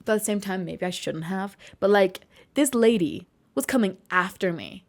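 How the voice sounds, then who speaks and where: A woman's voice: medium pitch, normal speed. A young woman in her twenties telling a personal story in a casual vlog, chatty and rambling, with asides and self-corrections. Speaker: vlogger.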